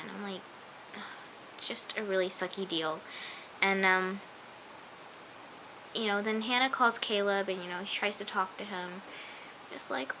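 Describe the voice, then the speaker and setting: A woman's voice: medium pitch, pushed and bright, a little hiss or hum, poor audio. Chatty young woman recapping a show. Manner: chatty, gushing, full of "like" and "oh my gosh", drops into whispers. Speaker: show reviewer. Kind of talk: casual episode recap.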